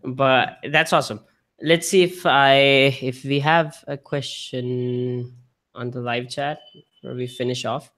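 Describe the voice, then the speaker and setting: A man's voice: mid-range voice, fairly even intonation, unhurried, a bit bright. A man hosting a casual live-stream chat, speaking hesitantly and often restarting his sentences. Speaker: host.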